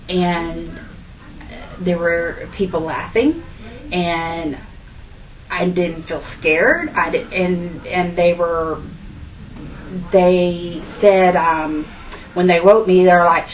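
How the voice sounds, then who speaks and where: A woman hesitantly telling of a paranormal experience, with many fillers and a light, humorous turn. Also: on the low side. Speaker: paranormal investigator. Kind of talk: recounting a personal paranormal experience. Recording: tinny phone-like audio.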